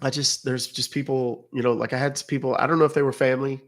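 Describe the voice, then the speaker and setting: Talking fast with little pitch movement, a mid-range-voiced man from England hosts a livestream in his British accent. He answers viewers casually, wandering off topic and interrupting himself.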